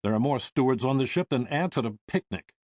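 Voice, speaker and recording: A man's voice: mid-range voice, animated, brisk, a little mellow, no room sound, clean studio sound, natural voice. A man voicing a good-humored, easygoing wealthy father reassuring his wife. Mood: jovial. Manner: jovial, reassuring.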